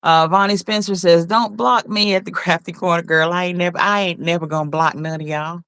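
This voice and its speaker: A woman's voice: lowish voice, steady tone, a little fast, a bit bright, no echo. A woman hosting a casual livestream, reading viewers' comments aloud, teasing them and laughing often. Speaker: livestream host.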